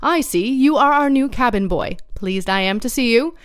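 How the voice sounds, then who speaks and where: A woman voicing a crafty, hearty one-legged pirate landlord who talks loud and blusters, in a storybook reading. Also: fairly high pitch, animated, unhurried, clean tone, dry recording, clean studio sound.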